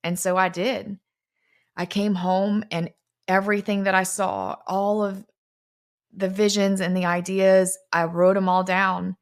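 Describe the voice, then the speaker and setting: A woman's voice: mid-range voice, little pitch movement, unhurried. A middle-aged woman earnestly telling a personal story, as the founder of a fitness brand.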